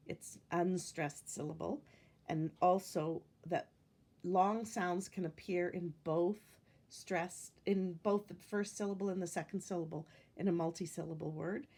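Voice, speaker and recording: A woman teacher calmly and patiently explaining a phonics lesson on syllables. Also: on the low side, gravelly. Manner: calm, patient, instructive.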